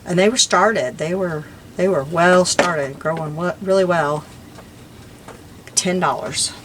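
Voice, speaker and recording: A woman's voice: on the low side, takes it slowly, background noise. An older woman chatting casually and rambling as she works on a craft journal, laughing lightly now and then. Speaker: crafting vlogger. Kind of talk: casual chat while crafting.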